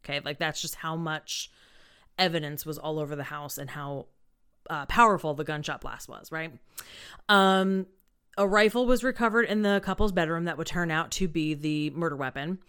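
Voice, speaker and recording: A woman's voice: low voice, moderate pace, fairly bright tone, smooth. A woman hosting a podcast, casually retelling a true crime case with lots of "um" and "like". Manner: chatty, many fillers like "um" and "like".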